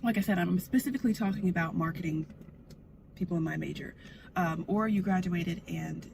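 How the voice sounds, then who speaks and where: A young woman in her twenties, fresh out of college, talks straight to her phone from a parked car. She is candid and excitable, dropping casual swears. A loud A C hum runs under her voice. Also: on the low side, a little fast, vocal fry. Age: 20s. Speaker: vlogger. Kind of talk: casual vlog chat. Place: parked car with the air conditioning running.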